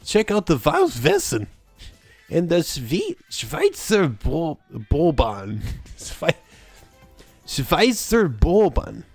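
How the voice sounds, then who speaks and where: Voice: mid-range voice, huge pitch swings, slow, a little mellow, dry recording, soft background music. A streamer from Texas, giving playful, giggly commentary while playing a game and sounding out German ride names.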